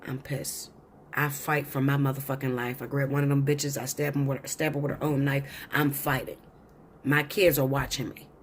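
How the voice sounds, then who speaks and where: A woman's voice: rumbling low, flat delivery, moderate pace, slight background noise. A woman tarot reader telling a long story in a blunt, profane, insistent way. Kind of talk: storytelling monologue.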